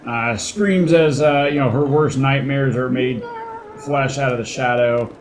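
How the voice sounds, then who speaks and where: Guy dming a tabletop game, takes his time, mid pitch, little laughs as he goes. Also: noisy background. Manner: unhurried, chuckling, thinks aloud between rolls. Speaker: dungeon master.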